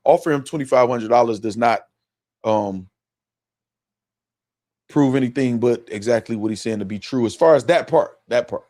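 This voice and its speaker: A man's voice: medium pitch, normal speed, pauses often. A man hosting a live stream, giving casual, profane commentary and repeating himself as he reacts to clips. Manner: animated, repetitive, profane, talks over clips. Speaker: livestream host.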